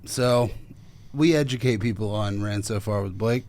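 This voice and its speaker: A man's voice: fairly low pitch, normal speed, a little mellow. A man co-hosting a casual comedy podcast, teasing and laughing often. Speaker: podcast co-host.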